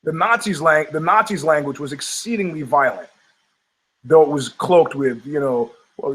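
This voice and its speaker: A man's voice: fairly high pitch, moderate pace, husky. An older man hosting a talk show, ranting in a casual, profane way and acting out the voices of people in his stories. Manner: animated storytelling, acting out quoted voices, profane. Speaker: podcast host.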